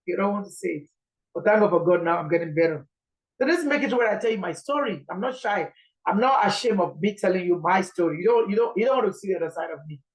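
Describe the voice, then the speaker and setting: A woman's voice: medium pitch, lively intonation, quick pace, rough recording. A Nigerian woman preaching an informal sermon in an earnest, pleading way, repeating her points.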